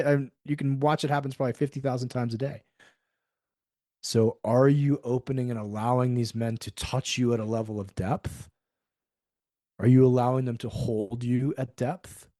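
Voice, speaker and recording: A man's voice: medium pitch, darkish tone, no echo, clean studio sound. A middle-aged man talking candidly in an interview, acting out quoted dialogue with animation. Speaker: podcast guest. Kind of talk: conversational interview.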